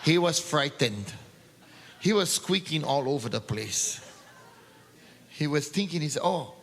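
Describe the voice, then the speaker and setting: A man's voice: lively intonation, measured pace, fairly bright tone. Man telling jokes in a hall. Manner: pidgin-flavored storytelling, puts on high voices for characters. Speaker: comedian. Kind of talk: stand-up joke telling with sung refrains.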